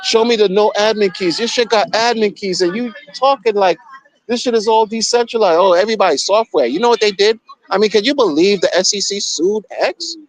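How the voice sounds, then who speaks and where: A man's voice: high-pitched, fairly quick, rough recording. A man streaming casual commentary, mocking and profane, repeating himself as he rants. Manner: animated, mocking, profane, repetitive.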